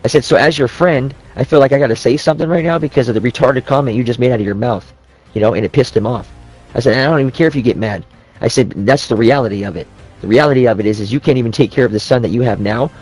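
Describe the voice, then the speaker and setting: A man's voice: mid-range voice, fast, a little mellow, breathy edge, soft background music. A heated, swearing man ranting. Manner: profane, rambling, heated retelling of quoted dialogue. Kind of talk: ranting storytelling.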